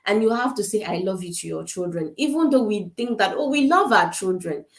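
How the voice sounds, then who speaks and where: A woman's voice: medium pitch, lively intonation, brisk. Woman from africa talking to parents on a webcam, earnest, lots of restarts, bit echoey. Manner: earnest, repeats points, frequent fillers and restarts. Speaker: summit speaker on parenting. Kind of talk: casual online talk to parents. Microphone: webcam on a video call.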